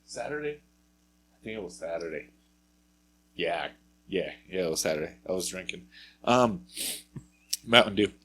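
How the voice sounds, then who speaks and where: A man's voice: deep voice, animated, normal speed, long pauses, fairly bright tone, breathy edge. A man co-hosting a podcast, telling a rambling anecdote in casual chat and acting out what people said. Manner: rambling anecdote with acted-out quotes and profanity. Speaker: podcast co-host.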